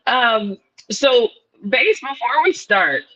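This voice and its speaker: A woman's voice: on the high side, animated, takes it slowly, sharp tone. Chatty woman host on a muffled stream. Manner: chatty, laughs often, many fillers. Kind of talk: casual live-stream chat.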